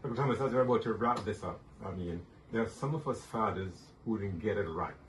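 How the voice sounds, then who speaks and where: A male moderator with a low voice asks his guest questions and murmurs encouragement. The room echoes, and the mic sits well back. Clear background noise runs through the whole recording. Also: brisk. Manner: encouraging, frequent affirming murmurs. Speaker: host and moderator. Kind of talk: interview questions. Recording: roomy, distant mic with noise.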